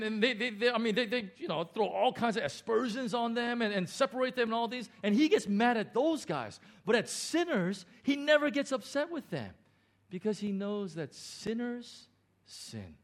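A middle-aged male pastor preaching a sermon in a church, animated and excited, with frequent stammering restarts as he builds emphasis. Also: sits high. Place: church in Hong Kong.

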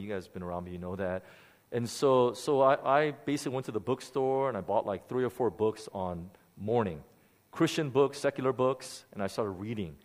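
A middle-aged man, a pastor, delivering a sermon as candid personal storytelling. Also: medium pitch. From Korea. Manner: candid storytelling with lively swings.

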